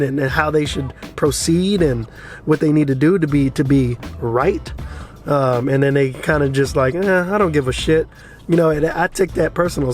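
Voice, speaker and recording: Blunt, profane man with a high voice. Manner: frustrated, blunt and profane, with repeated urging. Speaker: crypto vlogger. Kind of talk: casual rant to camera.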